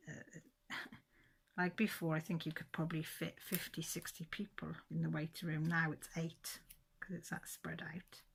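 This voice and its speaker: Gravelly-voiced woman telling a chatty story. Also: sits low, fairly bright tone. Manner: chatty storytelling with many restarts and quoted dialogue. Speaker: crafting vlogger. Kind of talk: casual chat.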